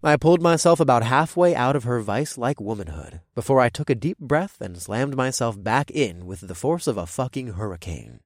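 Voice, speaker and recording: A man narrating an audio story in the first person, with an expressive delivery. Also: mid-range voice, normal speed, hardly any pauses, no echo, studio quality.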